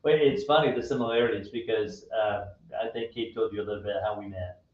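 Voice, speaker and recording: A man hosting a radio show, telling a personal story in a friendly, unhurried way. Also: lowish voice, fairly even intonation. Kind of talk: casual faith-based chat. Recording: echoey room, distant dull mic.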